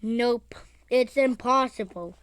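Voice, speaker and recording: High-voiced, slow-talking woman gamer. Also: smooth, dry recording. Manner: excitable, sing-song chatter with yelps. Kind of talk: mobile game commentary.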